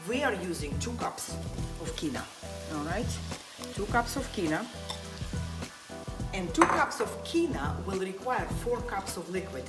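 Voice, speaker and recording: An encouraging, chatty woman hosts a cooking demonstration in her home kitchen. Her voice sounds roomy and picked up from a distance, with loud music playing underneath and food sizzling in the pan. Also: a little high. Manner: upbeat, encouraging, chatty teacher. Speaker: cooking show host. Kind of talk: cooking demonstration with mini language lessons. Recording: echoey kitchen, camera mic far off, loud music. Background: loud background music and sizzling pan.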